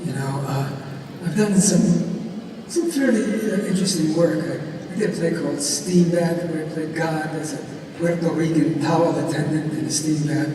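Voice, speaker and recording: A man's voice: fairly high pitch, moderate pace. Older man telling stories in a hall. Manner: animated, emphatic storyteller. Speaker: convention panel guest. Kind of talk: convention panel anecdotes. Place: large convention hall. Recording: echoey hall, distant mic.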